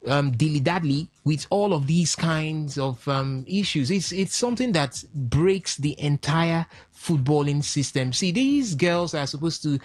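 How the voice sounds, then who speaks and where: A man's voice: a little high, animated, measured pace, hardly any pauses, no room sound. A man co-hosting a radio sports talk show, opinionated and full of ums as he argues his points. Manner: opinionated, hesitant with many ums.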